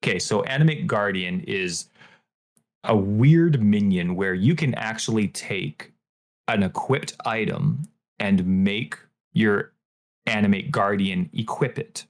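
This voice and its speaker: A man co-hosting a gaming podcast in casual chat, excitable and quick to jump into high exclamations. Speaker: podcast co-host.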